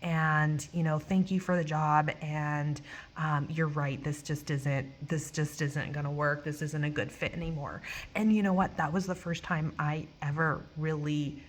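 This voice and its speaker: Woman vlogger with a slightly low voice, telling a story casually, emotional and animated. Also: a little slow. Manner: animated, acts out quoted voices, swears; emotional, near tears at times.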